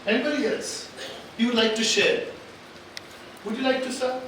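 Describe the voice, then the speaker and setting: A man giving a live stage talk and drawing out the audience, energetic and coaxing, repeating phrases for emphasis. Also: very high-pitched, moderate pace. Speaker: motivational speaker addressing an audience. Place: large conference hall. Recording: echoey hall, distant, background noise.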